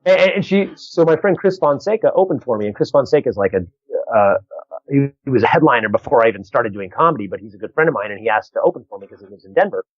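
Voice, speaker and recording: A comedian guest on a podcast, with a husky, medium-pitched voice, talks fast while telling a story over a video call. He rambles animatedly, restarts often, and acts out both sides of quoted exchanges. The audio is dull, lo-fi video call sound.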